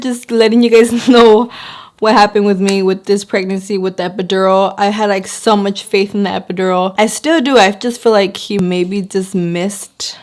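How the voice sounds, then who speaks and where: A woman's voice: mid-range voice, fairly even intonation, normal speed. A young woman telling a personal story in a casual vlog, chatty, with a lot of "like", and acting out what people said. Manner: chatty, lots of "like", acts out quotes. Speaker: beauty vlogger.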